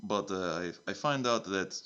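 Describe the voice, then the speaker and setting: A man's voice: fairly low pitch, lively intonation, normal speed, fairly bright tone, dull audio. A man voicing a bumbling male secret agent who keeps swapping between broad put-on accents, rambling through his mission report. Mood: hammy.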